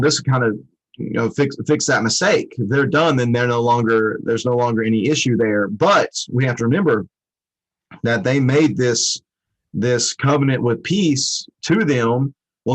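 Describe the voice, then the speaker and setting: A man's voice: medium pitch, low-quality recording. A man co-hosting a Bible study show, explaining a passage in a rambling, conversational way with many restarts.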